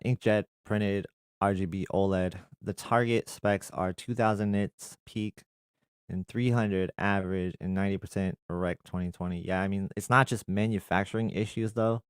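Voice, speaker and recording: A man's voice: sits low, smooth, no echo, clean studio sound. A young adult man hosting a tech channel, reading viewer comments aloud and answering them in a loose, rambling chat full of fillers. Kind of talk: casual live chat.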